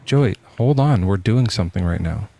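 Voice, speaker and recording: A man hosting a casual live debate stream, joking around and steering the talk along. His voice sits fairly low and sounds dry and close, with little room around it. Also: lively intonation, moderate pace, creaky, warm tone, no room sound. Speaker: podcast host.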